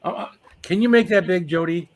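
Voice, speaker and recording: A man's voice: high-pitched, brisk, a loud crowd. A man chatting on a livestream, playfully ribbing the others and repeating himself for laughs. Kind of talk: casual livestream chat.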